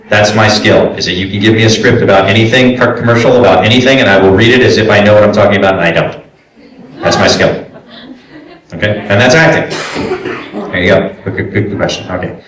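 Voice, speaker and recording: Heard from a distance in an echoey room, the voice actor and director fields live audience questions in a casual panel Q&A. His fairly low, slightly bright voice holds a steady tone at a fairly quick pace, loose and chatty with lots of fillers and restarts.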